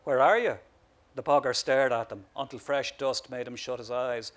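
A man's voice: mid-range voice, level tone, normal speed. An author reading his story aloud in a wry, dry narrating voice.

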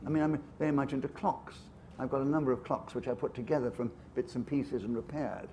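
On a festival stage, an older guest author with an English upper-class accent tells anecdotes in a chatty, self-amused way, full of asides. His medium-pitched, dark voice is fairly even and a little fast, with slight background noise.

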